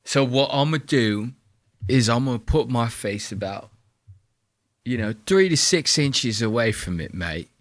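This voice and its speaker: A man's voice: mid-range voice, expressive, measured pace, no echo, pitched below the performer's own voice, lightly acted. A man putting on a mocking impression of an eager young male train enthusiast who keeps tacking "mate" onto his lines. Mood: mock-earnest. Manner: smug, dropping "mate" at the end of lines.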